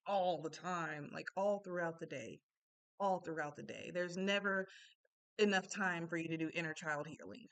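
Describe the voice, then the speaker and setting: Slow-talking woman with a smooth voice. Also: lowish voice, no echo. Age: 30s. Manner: conversational, often asks "right?" of listeners. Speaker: spiritual self-help speaker. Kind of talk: casual spoken reflection.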